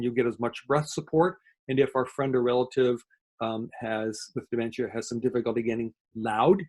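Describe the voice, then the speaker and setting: A man lectures online at a quick clip in a voice of middling pitch. He explains points one by one, often stopping to correct himself or fill a pause. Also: a little mellow. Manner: fast-talking; explanatory, with frequent fillers and self-corrections. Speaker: guest lecturer on dementia communication.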